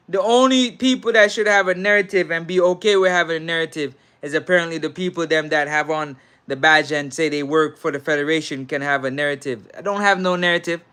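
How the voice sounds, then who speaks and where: A man's voice: on the high side, pushed and bright, clear, resonant tone. A man with a Jamaican accent hosting a live sports talk stream, reading viewer comments and repeating his points with patois mixed in. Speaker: sports talk show host.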